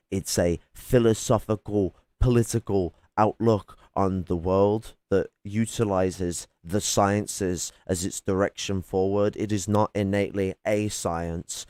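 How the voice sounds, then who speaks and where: Combative, low-voiced man lecturing. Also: darkish tone, no room sound. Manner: swears casually. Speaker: political streamer debating chat. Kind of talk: heated live-stream argument. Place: home at night.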